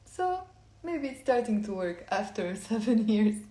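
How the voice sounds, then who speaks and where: A woman giving a casual online language lesson, talking low-key and quiet late at night, explaining step by step and having listeners repeat words aloud. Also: very animated, measured pace. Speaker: Lebanese Arabic teacher. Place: indoor room at night. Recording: echoey room.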